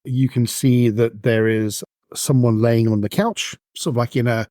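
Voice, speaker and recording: A man's voice: mid-range voice, fairly even intonation, a little slow, darkish tone, no room sound, studio quality. A man narrating as game master of a tabletop role-playing game, describing scenes in a loose, rambling way with many fillers.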